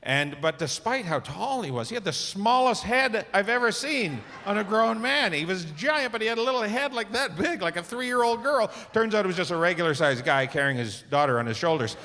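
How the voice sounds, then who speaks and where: A middle-aged man performing a stand-up comedy set on stage, telling animated stories and acting out the voices he quotes. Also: high voice, brisk, hardly any pauses, slight background noise. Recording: reverberant club with audience laughter.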